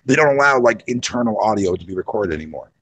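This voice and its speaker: A man's voice: lowish voice, lively intonation, fast, fairly bright tone. A man, a guest on an online show, chatting casually, swearing often and laughing as he rambles. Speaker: podcast guest. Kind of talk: casual chat.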